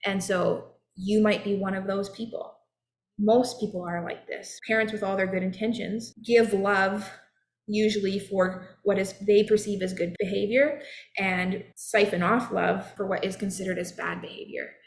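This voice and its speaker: An earnest, encouraging woman in her thirties speaks as a self-help coach. Her middling voice carries a gravelly, creaky texture. She talks straight to the listener in a motivational style. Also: mid-range voice, fairly even intonation, normal speed. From Canada. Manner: earnest, encouraging, acts out short quoted voices. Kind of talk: motivational talk.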